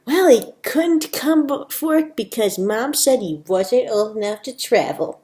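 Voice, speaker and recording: Woman voicing an excitable young girl, bubbly, eager, storybook reading. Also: on the high side, a little slow. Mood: cheerful.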